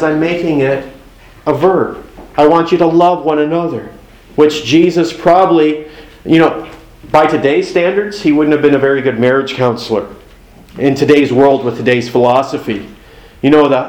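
A man's voice: on the high side, animated, moderate pace, a little mellow, roomy sound, low-quality recording. A man preaching a sermon in a conversational way, with folksy asides and acted-out exchanges. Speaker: pastor.

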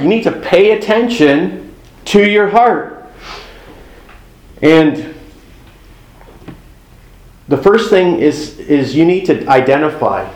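A man's voice: sits high, a little mellow. A middle-aged man preaching a sermon in a loose, conversational way, acting out little exchanges between spouses. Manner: conversational, acts out little dialogues. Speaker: pastor. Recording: roomy echo.

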